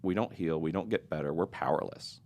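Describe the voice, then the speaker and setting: A middle-aged man talks a little fast in an extremely deep, darkish voice with rough, gravelly fry. In a podcast interview he relates a personal story, earnest, confessional and reflective.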